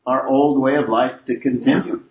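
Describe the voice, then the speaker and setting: Guy teaching bible class, steady and emphatic, echoey room. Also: medium pitch, muffled recording. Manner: measured, emphatic, with frequent paraphrase and repetition. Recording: echoey room with light background noise.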